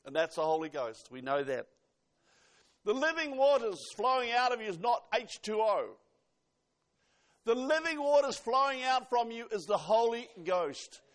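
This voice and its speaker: A man's voice: high voice, a bit bright. A man preaching a sermon, emphatic, quoting scripture and asking the congregation questions.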